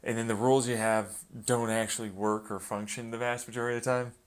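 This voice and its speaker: A man's voice: medium pitch, little pitch movement, fast, smooth. A young man in casual chat, rambling and swearing heavily. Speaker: streamer.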